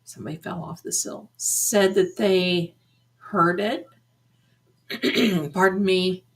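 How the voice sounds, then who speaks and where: A woman's voice: lowish voice, takes it slowly, poor audio. A middle-aged woman hosting a live psychic tarot reading, musing aloud and chatting to her viewers and her cats. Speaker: psychic medium livestream host.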